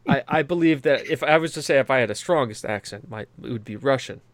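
A man's voice: medium pitch, fast talker, no echo. A man with a New England accent hosting a podcast in a rambling, profane casual chat with many stammered restarts. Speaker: podcast host.

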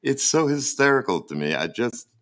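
A man preaching a sermon as pastor, emphatic and often halting to repeat his words, with a dry mocking humour. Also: medium pitch, very animated, a bit bright.

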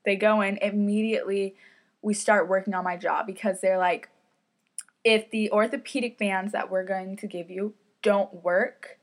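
A young woman talks into a podcast mic on a stand, rambling through a personal story. She fills her sentences with "like" and "um" and pokes fun at herself as she goes. Her voice sits at an ordinary middle pitch. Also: steady tone, moderate pace. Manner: rambling, chatty, lots of "like" and "um", self-deprecating. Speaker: podcast host. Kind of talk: casual solo podcast storytelling.

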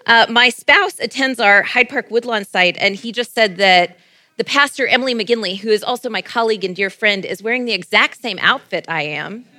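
A woman's voice: fairly high pitch, moderate pace, pushed and bright, no echo. A woman pastor giving a sermon and prayer in a playful, conversational preaching manner. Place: church.

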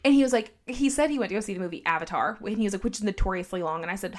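A woman telling a story on a casual podcast, animated and quoting others in her own voice. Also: medium pitch, rapid-fire. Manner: animated, heavy use of "like", quotes people in her own voice.

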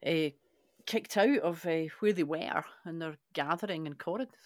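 A woman's voice: low voice, normal speed, no room sound, clean studio sound. Hesitant woman thinking aloud. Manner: tentative, hesitant, with many restarts. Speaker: co-host. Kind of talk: casual discussion.

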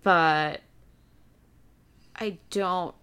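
A woman co-hosting a casual book discussion, polite and unhurried, asking questions about the story. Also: lowish voice, fairly even intonation, sharp tone, smooth. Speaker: book podcast co-host.

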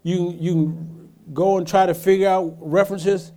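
A male pastor preaching a sermon, throwing rhetorical questions at the congregation and swinging from hushed asides to loud emphatic lines. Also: high voice, steady tone, moderate pace.

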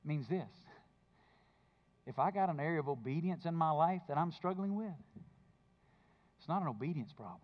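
A man preaching a sermon, moving between low intimate speech and loud emphatic bursts. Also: animated, normal speed, long pauses, dull audio. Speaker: pastor.

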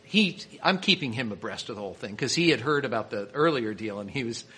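Man from kansas city, podcast guest, bright forceful voice, chatty storyteller, faint background noise. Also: mid-range voice, animated, fast. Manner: chatty storyteller with frequent restarts. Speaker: podcast guest, winery owner and master sommelier. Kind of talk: casual storytelling interview.

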